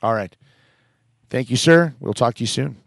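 A man's voice: mid-range voice, gravelly, dry recording, studio quality. A man hosting a call-in talk show, chatting casually with callers in a jokey, upbeat way. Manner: jokey, upbeat, quick asides. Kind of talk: casual radio chat.

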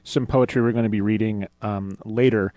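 A man co-hosting a radio talk show, teasing and quick. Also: fairly low pitch, fairly even intonation, dark tone, no room sound. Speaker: radio co-host.

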